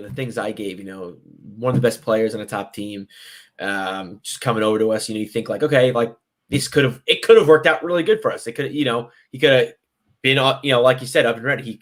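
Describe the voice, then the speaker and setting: A man's voice: mid-range voice, quick pace, fairly bright tone. A man guesting on a football podcast, talking in a loose, rambling way with lots of "you know". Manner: rambling, full of fillers and restarts, easygoing. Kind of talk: casual football chat.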